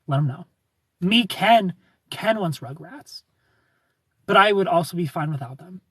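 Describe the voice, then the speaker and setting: Husky-voiced man chatting on a livestream. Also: fairly high pitch, normal speed, fairly bright tone, no echo. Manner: chatty, gives frank relationship advice to viewers by name. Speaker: livestream host answering viewer comments. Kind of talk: casual livestream chat.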